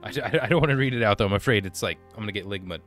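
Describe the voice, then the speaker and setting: An American man streams a game and casually reads viewer comments aloud, chatting back to them. His lowish voice races along with a fairly bright tone, over soft background music.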